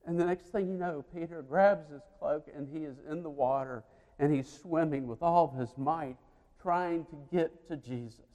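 A man preaching a sermon, retelling a story and acting out the voices, swinging between loud and hushed. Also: on the high side, normal speed. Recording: long hall reverb.

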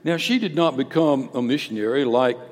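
A male pastor preaching a sermon, emphatic, swinging between loud declarations and hushed storytelling. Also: mid-range voice, brisk. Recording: long hall reverb with faint background noise.

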